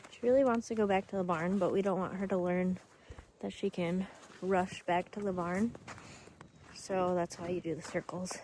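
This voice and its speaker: A woman's voice: lowish voice, steady tone, normal speed, a little mellow, slight background noise. A young woman who works on a farm, talking casually through a vlog in a rambling way that often drops to a whisper. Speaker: farm worker vlogger. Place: outdoors on a farm, later an office.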